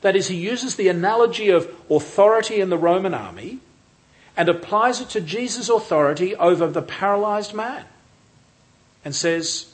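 Male Bible lecturer, slightly high-pitched, measured and explanatory. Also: lively intonation. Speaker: Bible teacher. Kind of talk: lecture on a Gospel passage.

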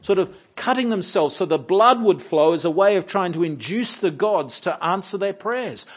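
A preacher delivers a verse-by-verse sermon in a fairly high voice. He is animated and wryly mocking. He swings between loud, punchy bursts and quiet, drawn-out lines. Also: husky. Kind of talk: expository sermon.

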